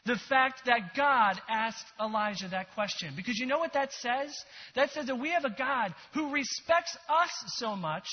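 A high-pitched, husky-toned man delivers an earnest, animated sermon. The sound is dull and muffled, and a long reverb trails after him as if in a large sanctuary. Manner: earnest, animated preaching with whispered quotes. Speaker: pastor.

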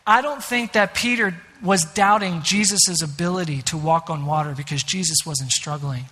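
A man's voice: fairly high pitch, moderate pace, sharp tone. A man preaching a sermon as pastor, earnest and emphatic, with conversational asides. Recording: reverberant hall.

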